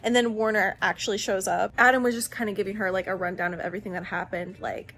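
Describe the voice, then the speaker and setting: Young woman vlogging about books, chatty and excitable, swears a lot. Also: medium pitch, fast, few pauses, slight background noise. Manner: chatty, gushing, swears freely. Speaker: book vlogger. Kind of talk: casual book recap.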